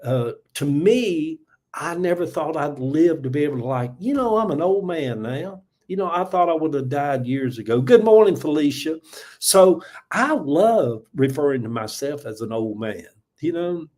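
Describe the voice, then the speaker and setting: Older Southern man, seventy, Georgia drawl, folksy rambling host, mellow voice pitched a bit high. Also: animated, normal speed. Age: 70s. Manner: rambling, folksy, thanks viewers, trails off with many uhs. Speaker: livestream host. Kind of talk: casual livestream chat.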